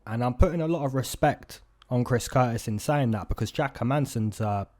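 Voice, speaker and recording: A man hosting fight predictions in casual talk, animated, repeating his points and asking himself questions. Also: mid-range voice, a little fast. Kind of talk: casual betting breakdown.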